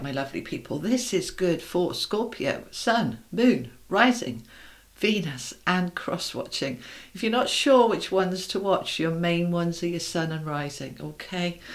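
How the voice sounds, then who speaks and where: A woman with a slightly low-pitched voice gives a casual tarot reading, chatting directly to her viewers. She is friendly and reassuring as she turns over each card. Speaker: tarot reader.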